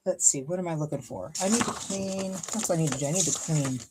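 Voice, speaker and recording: There's a noisy background as this woman from Ohio, USA, talks fast in a low voice. She's a chatty card-making crafter hosting a casual livestream, thinking aloud as she cuts and glues a paper card.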